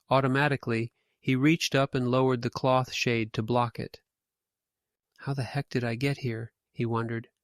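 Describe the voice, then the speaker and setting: Male narrator, ghost story reading; measured, mid-pitched, dry close sound. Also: no room sound.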